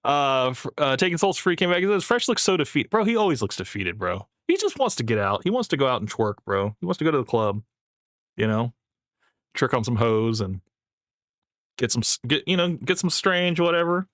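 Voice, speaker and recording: A man's voice: mid-range voice, very animated, fairly quick, fairly bright tone, dry recording, studio quality. A young man casually commenting on a clip he is watching, rambling and laughing often. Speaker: streamer reacting to clips.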